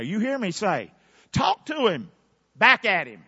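A man preaching a fervent sermon in a church, shouting call-and-response lines to the congregation. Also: high voice, huge pitch swings, unhurried, husky, no echo, lo-fi sound. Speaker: pastor. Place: church sanctuary.

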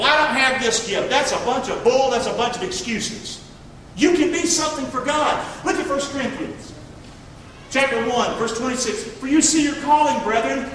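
A man preaching a sermon, reading scripture aloud and calling for responses, swinging from quiet asides to near-shouting. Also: very high-pitched, slight background noise. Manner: reads scripture aloud and calls for congregation response. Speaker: pastor. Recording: echoey hall, distant mic.

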